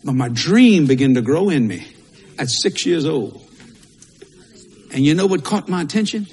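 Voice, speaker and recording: A man's voice: fairly high pitch, lively intonation, moderate pace, a little mellow, husky. A male pastor, preaching a sermon in a folksy, repetitive way with Southern turns of phrase. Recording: long hall reverb.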